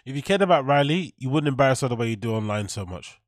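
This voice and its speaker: A man's voice: mid-range voice, lively intonation, fast, no room sound. A man reacting to a clip, bluntly mocking what he hears and swearing often. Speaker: reaction streamer. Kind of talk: reacting to a clip, casual commentary.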